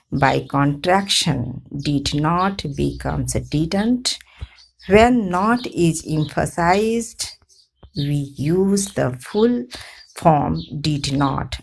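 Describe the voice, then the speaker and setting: Teacher, female, slow and gravelly, methodical drills, lowish voice. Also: a little hiss or hum. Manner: measured, methodical, repetitive drilling. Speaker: English teacher. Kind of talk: slow grammar lesson with drilled example sentences.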